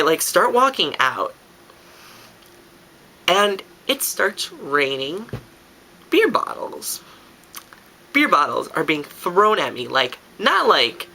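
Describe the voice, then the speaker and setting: A young man vlogging, telling a story in a casual, animated way and filling his talk with "like". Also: on the high side.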